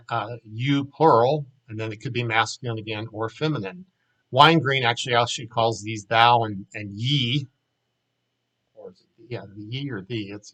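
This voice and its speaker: A man with a Southern American accent teaching a grammar lesson in a casual way, saying each word slowly and repeating it for drill. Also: mid-range voice, a bit bright, poor audio. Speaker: Hebrew teacher.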